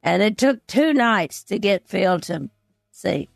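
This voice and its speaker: A woman's voice: mid-range voice, expressive, slow pace, creaky, no room sound, soft background music. Earnest older woman telling her story. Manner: earnest, heartfelt, retells past conversations. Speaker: interview guest. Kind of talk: personal storytelling in an interview.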